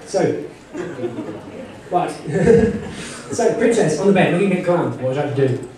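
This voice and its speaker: A man's voice: high voice, lively intonation, normal speed. A man running a live text adventure as game master, narrating theatrically and joking with the audience. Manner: theatrical, wry and joking, repeats a set catchphrase. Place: convention hall with an audience. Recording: echoey hall, from far off, crowd noise.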